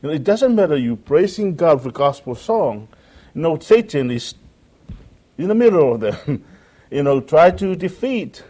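A man's voice: a little high, big pitch swings, normal speed, warm tone. A man preaching a sermon in an earnest way, often repeating phrases and quoting scripture.

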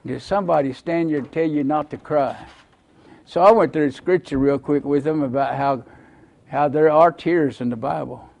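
Earnest pastor, slightly high-pitched man. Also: gravelly, darkish tone. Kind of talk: church mission report with slides.

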